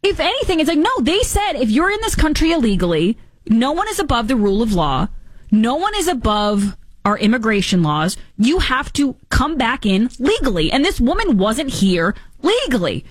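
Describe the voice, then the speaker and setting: Lively, sarcastic woman political commentator. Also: fairly high pitch, moderate pace, dry recording. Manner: emphatic, sarcastic, argumentative.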